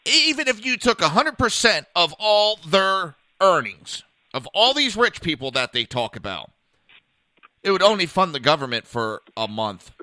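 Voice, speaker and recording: Bright-voiced chatty man. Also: high-pitched, big pitch swings, moderate pace, dry recording. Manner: chatty, agreeable, brings up news items. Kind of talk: casual political talk.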